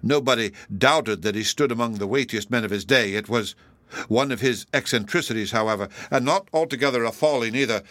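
A man's voice: mid-range voice, a bit bright, no room sound, natural voice. A man doing a pompous old judge. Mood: persuasive. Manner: pompous, deliberate and formal. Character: smug, self-assured elderly male judge, pompous and formidable.

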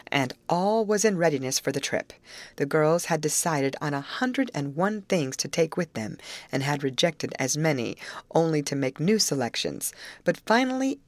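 A woman narrating an old novel as an audiobook in a steady, measured way. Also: deep voice, no room sound. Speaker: audiobook reader.

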